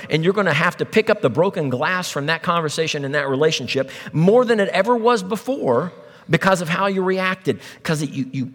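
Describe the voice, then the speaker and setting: A middle-aged pastor preaching a sermon, telling a story with humor and acted voices. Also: male voice, a little high, in a large hall. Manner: animated storytelling with jokes and voices.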